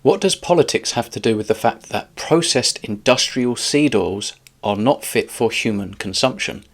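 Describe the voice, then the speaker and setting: A man's voice: medium pitch, animated, normal speed, vocal fry. Sarcastic man reacting to clips. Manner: sarcastic, argumentative. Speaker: channel host reacting to a clip. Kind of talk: reaction commentary.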